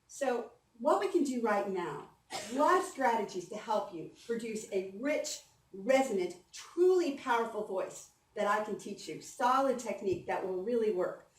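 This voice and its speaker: A woman's voice: medium pitch, normal speed. Woman voice coach in an echoey hall. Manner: animated and encouraging, guiding the audience through exercises. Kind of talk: conference workshop talk with exercises. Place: conference hall. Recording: echoey hall, mic from a distance.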